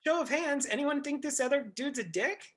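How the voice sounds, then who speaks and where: This real estate coach is a blunt man who talks to his group on a video call at a moderate pace in a very high-pitched voice. He grows animated, plays out small scenes and curses freely.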